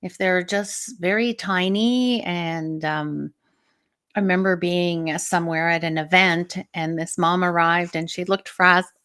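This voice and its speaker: A woman's voice: lowish voice, steady tone, measured pace, fairly bright tone, clean tone. A middle-aged woman, a stress management coach and teacher, talking through a live show in a reflective way and often asking the listener questions.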